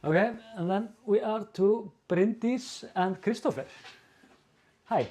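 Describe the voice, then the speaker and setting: A man with an Icelandic accent, hosting a casual video-call Q&A as an editor, talking haltingly with many fillers and restarts. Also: sits high, a little mellow. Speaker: editor-in-chief, co-host.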